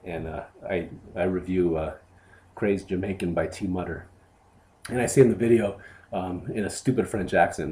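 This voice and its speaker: Deep-voiced man giving a subdued tribute. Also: normal speed, dark tone. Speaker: hot sauce reviewer vlogger. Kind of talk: heartfelt spoken tribute to a friend.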